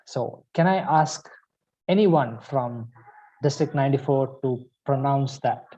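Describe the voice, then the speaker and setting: A man hosts the meeting in a measured, drawn-out way, slowing down to coax others. His tone is dark and mellow. The recording sounds dull and lo-fi. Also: medium pitch. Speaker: meeting host. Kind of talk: hosting a speaking club meeting.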